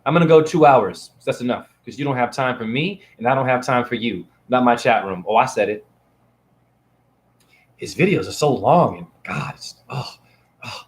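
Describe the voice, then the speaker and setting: A man ranting to camera in a rambling vlog monologue, swinging between loud outbursts and hushed asides. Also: mid-range voice, normal speed. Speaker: vlogger and spiritual teacher.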